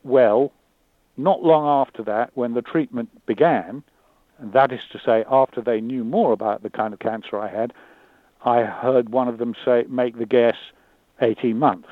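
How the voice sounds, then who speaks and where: A man talking candidly and thoughtfully, often pausing and repeating words as he searches for them. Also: mid-range voice, steady tone, dry recording. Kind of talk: candid conversation. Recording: dry tinny phone-like line.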